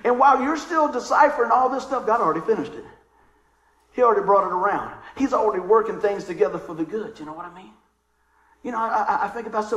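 A male pastor delivers a sermon from a church sanctuary, speaking in a high voice that swings widely up and down. He keeps it conversational and calls out questions to the congregation. The room rings with noticeable echo. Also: animated, fast talker, fairly bright tone.

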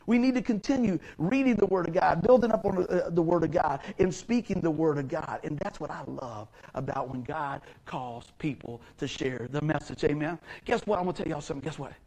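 A middle-aged man, preaching a sermon as a pastor, telling folksy stories and swinging from quiet asides to loud, excited outbursts. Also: high voice, rough recording.

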